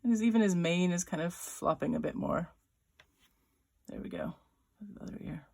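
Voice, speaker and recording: A woman's voice: on the low side, expressive, vocal fry, a little mellow. A woman illustrator leading a drawing lesson, chatting playfully and thinking aloud as she draws. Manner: chatty and playful, voicing little sound effects; talks while drawing, with pauses and restarts. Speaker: writer-illustrator teaching a drawing workshop.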